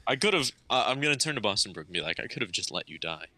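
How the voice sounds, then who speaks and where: A man with a very deep yet sharply bright voice, recorded close and dry. He plays a tabletop game with a dry, sarcastic edge. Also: big pitch swings, racing, no echo. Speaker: player. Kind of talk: tabletop role-play.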